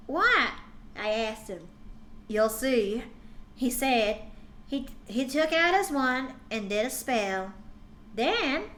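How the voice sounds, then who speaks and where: A woman's voice: high-pitched, fairly bright tone. A woman streamer reading a story aloud for laughs, with exasperated, mocking asides. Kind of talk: comedic dramatic reading with commentary.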